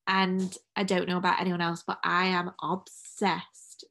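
A woman's voice: on the low side, monotone, a little slow, creaky, sharp tone. A woman co-hosting a casual podcast from home, chatting in a rambling way and laughing often. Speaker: podcast co-host. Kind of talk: casual chat.

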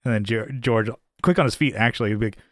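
A man's voice: quick pace, a bit bright, dry recording, studio quality. A man co-hosting a podcast, chatting casually about a TV episode, laughing and swearing as he goes. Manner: swears and laughs often, jumps into high-pitched voices when quoting. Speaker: podcast co-host. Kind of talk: casual chat recapping a TV episode.

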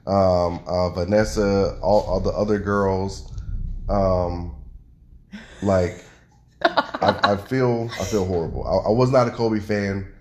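A man co-hosting a casual home podcast, arguing loudly and with lots of energy. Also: low voice, takes it slowly, echoey room. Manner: argumentative, loud and animated. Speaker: podcast co-host. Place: home room with noisy neighbors upstairs.

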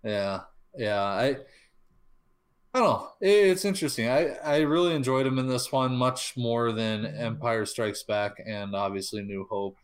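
A man co-hosting a casual film discussion podcast, talking in a halting way with many fillers and restarts. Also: mid-range voice. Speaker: podcast co-host.

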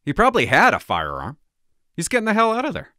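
A man's voice: high voice, huge pitch swings, quick pace, bright, forceful tone, no room sound, studio quality. A middle-aged man, a former police officer, giving an indignant, sarcastic commentary on a news story. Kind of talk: opinionated commentary vlog.

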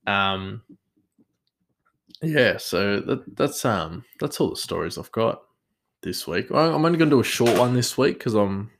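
An Australian man hosts his podcast with loose, rambling stories and a self-deprecating manner. His voice sits low with a gravelly fry, and he often breaks into laughter. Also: animated, unhurried. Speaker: podcast host. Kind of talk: casual storytelling.

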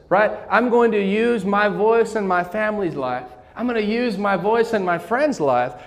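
A man preaching a sermon as pastor, calling on the congregation to repeat phrases back to him. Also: sits high. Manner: call-and-response preaching, asks congregation to repeat. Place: church sanctuary. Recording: church hall reverb.

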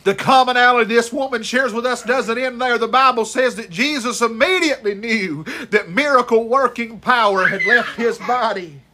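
A man preaching an impassioned sermon, stretching key words and rising to shouts at the high points. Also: normal speed, few pauses.

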